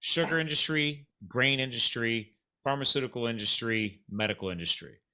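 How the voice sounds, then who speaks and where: A man's voice: medium pitch, normal speed, pushed and bright. A man from the United States hosting a podcast in casual chat, making emphatic points straight to his listeners. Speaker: podcast host.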